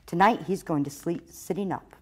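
A woman's voice: fairly low pitch, normal speed, mellow, breathy edge. Woman doing a grumpy little troll. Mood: grumbling. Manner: grumbling, snarling, roaring.

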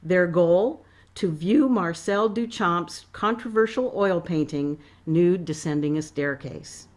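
A woman author reading her novel aloud in a measured, expressive way. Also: fairly low pitch.

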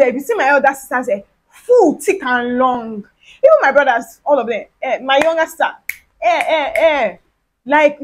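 A woman with a Nigerian accent, a vlogger telling a lively story from her childhood and acting out the dialogue with big swings in pitch. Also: poor audio. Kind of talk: storytime vlog.

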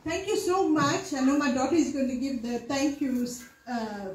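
A woman's voice: sits high, lively intonation, a little mellow. Emotional middle-aged woman, eulogy. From South Africa. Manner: emotional, earnest, carefully measured delivery. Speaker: daughter giving a eulogy. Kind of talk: prepared memorial speech. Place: temple hall. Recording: echoey hall sound.

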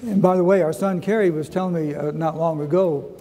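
A middle-aged man with a Southern US accent leads a Sunday school lesson in a church. His voice sits a little high but has a mellow tone, and he speaks earnestly, repeating key phrases and slowing down for scripture. A long hall reverb trails each phrase. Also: steady tone, slight background noise. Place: church sanctuary.

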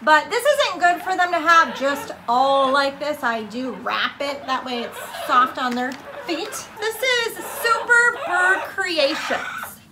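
High-pitched woman, slow chatty bird vlogger. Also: expressive, very noisy. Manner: chatty, coos baby talk to her birds. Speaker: parrot rescue founder and vlogger. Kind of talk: casual product show-and-tell vlog. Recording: background music.

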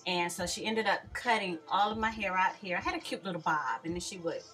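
Lady rambling on about her hair, friendly vlog vibe, bright voice. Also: lowish voice, expressive, brisk, faint music behind. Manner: chatty, friendly, loose and rambling. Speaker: beauty vlogger.

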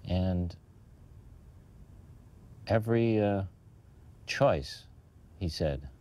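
A man in an interview, recalling memories in a halting way, searching for his words. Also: sits low, animated, a little mellow. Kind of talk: reflective interview recollection.

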